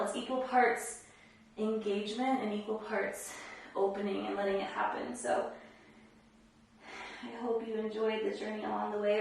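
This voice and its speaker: A woman yoga instructor guiding a class, giving calm, encouraging cues paced with the breath. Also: on the high side, vocal fry, far from the mic. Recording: very echoey room, voice from off the mic.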